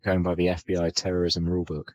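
A man's voice: low voice, completely flat delivery, fast talker, poor audio. A man co-hosting a casual film podcast, rambling and hesitant with many fillers. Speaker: podcast co-host.

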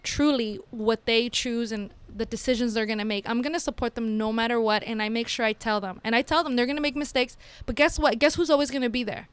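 High-voiced earnest mom, crisp dry sound. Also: female voice, steady tone, fast talker, hardly any pauses, no room sound. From Mexico-linked, schooled partly in Mexico. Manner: emphatic, earnest, drops Spanish phrases. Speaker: mother of young children, co-host. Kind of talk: casual chat.

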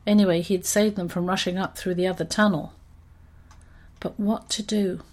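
A woman reading a children's story aloud in an expressive, steady storytelling manner. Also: medium pitch, moderate pace.

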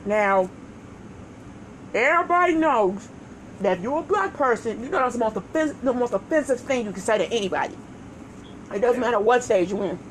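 A woman's voice: a little high, lively intonation, fairly quick, pauses often, slight background noise, poor audio. A woman co-hosting a show, telling a story in casual chat with profanity and laughter. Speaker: podcast co-host.

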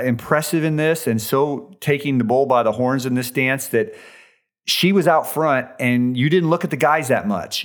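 Chatty, enthusiastic male podcast host. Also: mid-range voice. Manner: enthusiastic fan, chatty with fillers. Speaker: podcast host recapping a dance show. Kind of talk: casual solo recap.

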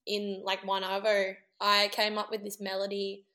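An Australian woman, a band member guest, chatting in a relaxed, giggly way. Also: medium pitch, normal speed. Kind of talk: casual chat.

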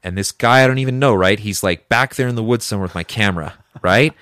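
A man, a podcast guest, telling a story in casual, animated talk full of fillers. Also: fairly low pitch, fast talker, clear, resonant tone, no echo, clean studio sound.

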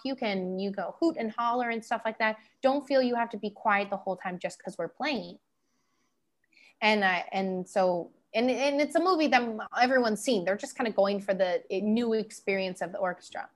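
Animated storytelling woman, higher voice. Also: moderate pace. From Canada. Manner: animated, acts out quoted people in higher voices, laughs often. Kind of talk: casual storytelling chat.

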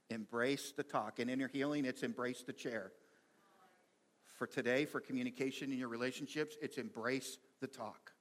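A man preaching a sermon in a lively, conversational way, reading quotes and making asides to the congregation. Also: medium pitch, moderate pace, long pauses. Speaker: pastor.

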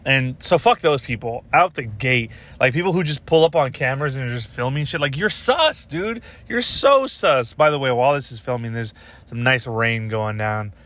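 A young man hosting a podcast, ranting casually in a rambling, profane, animated way. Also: mid-range voice, brisk. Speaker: podcast host.

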